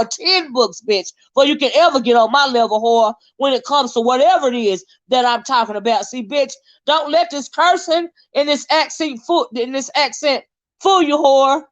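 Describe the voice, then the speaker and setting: In a high-sitting voice at normal speed, a channel host from the United States rants furiously, swearing and hurling the same insults again and again in a confrontational tirade.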